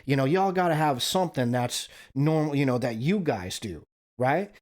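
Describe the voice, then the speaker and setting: A man voicing his excited, chatty young friend from the city, who calls people man and brother. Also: medium pitch, normal speed, natural voice. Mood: eager.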